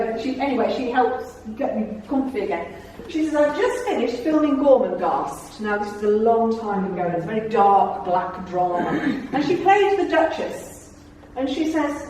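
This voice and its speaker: A woman's voice: on the high side, sing-song, moderate pace, a little mellow, a little hiss or hum. A middle-aged woman telling funny stories to a club audience and acting out the dialogue in them. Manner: chatty storyteller, acts out the dialogue in her tales. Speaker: after-dinner speaker. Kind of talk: anecdotal talk to a club audience. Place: function room. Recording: very echoey room, speaker far from the mic.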